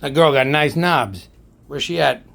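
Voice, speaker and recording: Gravelly tipsy New man rambling. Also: a little high, unhurried, fairly bright tone. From New Jersey. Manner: profane, rambling, joking, says "right?" often. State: tipsy from drinks. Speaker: RC car hobby vlogger. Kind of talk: casual tipsy chat to camera.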